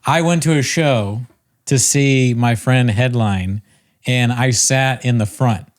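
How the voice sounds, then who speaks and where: A young man co-hosting a podcast, telling a rambling, self-mocking story in casual chat. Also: mid-range voice. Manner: rambling, self-mocking, quick to laugh at himself. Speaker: podcast co-host.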